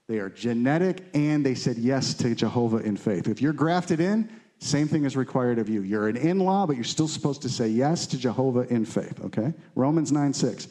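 A man's voice: medium pitch, normal speed, warm tone. A man teaching a Bible study to a live group, reading scripture aloud and asking the room questions in a conversational way. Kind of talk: teaching sermon.

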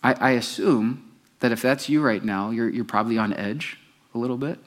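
A man's voice: medium pitch, normal speed. A male pastor giving a conversational sermon, often putting questions to the congregation.

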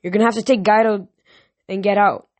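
A brisk, sharp-tongued teen girl demigod, as a male reader puts her on in a storybook reading. She is clipped and a notch higher and louder than the narration. The sound is close and dry. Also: steady tone, no room sound. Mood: curt.

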